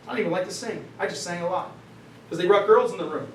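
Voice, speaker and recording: A middle-aged man giving an animated storytelling talk to students in a lecture room, with frequent "right?" asides. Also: sits high, rapid-fire. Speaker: guest speaker. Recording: roomy, distant mic, faint noise.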